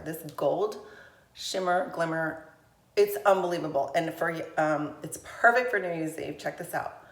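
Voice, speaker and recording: A woman's voice: on the low side, roomy sound. A woman chatting through a makeup tutorial in a gushing, enthusiastic way. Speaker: beauty vlogger. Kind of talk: casual makeup tutorial chat.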